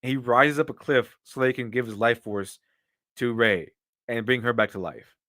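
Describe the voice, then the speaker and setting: A man's voice: medium pitch, normal speed, fairly bright tone, no room sound, clean studio sound. A man doing casual live-stream commentary and answering viewer donations, with rambling, opinionated talk full of restarts.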